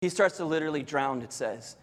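Expressive and fairly quick, this man's slightly high voice delivers a sermon built around a lively story. Phrases come back again and again as he talks directly to the crowd, and a long reverb fills the hall.

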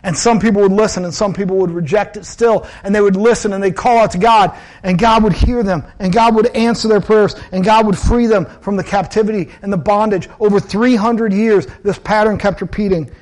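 A man's voice: high voice, fairly even intonation, a little fast, few pauses, darkish tone. A man preaching a sermon in an earnest, conversational way, telling personal stories and repeating phrases for emphasis. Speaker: pastor.

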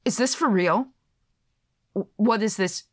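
A woman's voice: lowish voice, expressive, measured pace, no echo, clean studio sound. A woman voicing a frightened young writer caught up in a haunting, her questions anxious and disbelieving. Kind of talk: audio drama acting.

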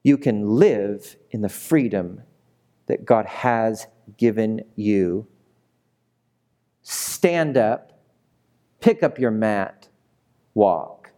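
A man's voice: on the low side, lively intonation, drawn-out words, pauses often, dark tone. A male pastor preaching a passionate sermon, repeating phrases and asking his listeners direct questions. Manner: passionate, repetitive, asks the audience direct questions.

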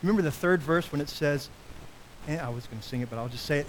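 Male pastor, sermon, animated delivery, slightly high voice, faint hiss. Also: fast, low-quality recording. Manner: animated preaching, rising high for quoted cries.

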